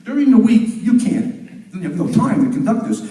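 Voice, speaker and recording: An older New man does stand-up in a library hall, chatty and animated. His high voice swings up and down a lot, with a mellow tone. He is heard from a distant mic with plenty of room echo. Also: moderate pace. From Long Island, New York. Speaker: comedian. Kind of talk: stand-up storytelling. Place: library hall, talent show. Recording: roomy hall, mic far off.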